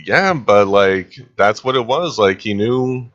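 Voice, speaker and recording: A man's voice: fairly low pitch, lively intonation, slow, a bit bright. A man chatting casually on a podcast, telling a rambling anecdote. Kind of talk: casual chat. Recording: dull lo-fi sound.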